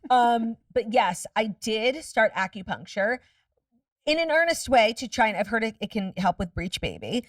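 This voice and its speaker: A woman's voice: a little high, expressive, no echo, clean studio sound, far from the mic. A woman guest chatting casually on a podcast, candid and profane, telling stories in a rush. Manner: candid, profane, rapid storytelling.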